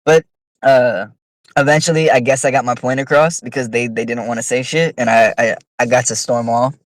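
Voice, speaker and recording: A man's voice: medium pitch, steady tone, moderate pace, poor audio. A man telling a long, profane story on a casual podcast, with heated delivery. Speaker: podcast co-host.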